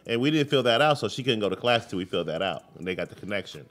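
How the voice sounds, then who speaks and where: A man's voice: fairly low pitch, animated, racing, fairly bright tone. A man in his thirties co-hosting a casual talk show, telling profane stories and mimicking voices. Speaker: co-host.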